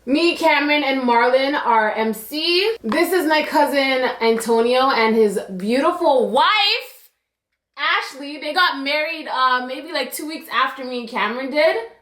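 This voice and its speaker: A bubbly young woman talks straight to her viewers in a casual story-time vlog, her voice sitting a little high. She is chatty and quick to get emotional, and the room around her gives back a clear echo. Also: a bit bright. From Jamaica. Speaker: YouTube vlogger. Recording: echoey room.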